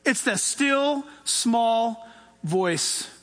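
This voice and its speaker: A male pastor preaching with a high, bright voice. He gets animated and acts out the voices of the people in his stories. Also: very slow. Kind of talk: sermon.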